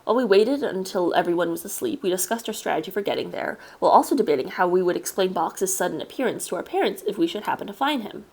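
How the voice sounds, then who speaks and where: A woman streamer reading a story aloud live, at a middling pitch for a woman. Her storytelling is steady and measured, and she breaks off now and then for a casual aside. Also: vocal fry. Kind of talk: live read-aloud narration.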